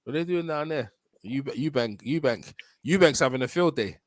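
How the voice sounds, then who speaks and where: A man hosting a casual boxing livestream, animated and slangy, repeating himself as he talks. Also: medium pitch, a little fast, no room sound.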